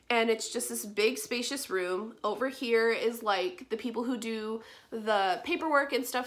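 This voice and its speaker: A woman's voice: mid-range voice, a bit bright. A young woman vlogger telling a personal storytime casually, chatty, full of "like" and casual swearing. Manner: chatty, frequent "like", swears casually, emotional retelling.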